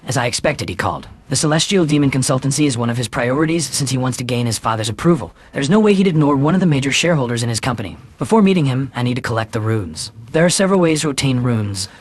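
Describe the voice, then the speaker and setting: A man narrating a comic story recap in a brisk, matter-of-fact way. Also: mid-range voice, expressive.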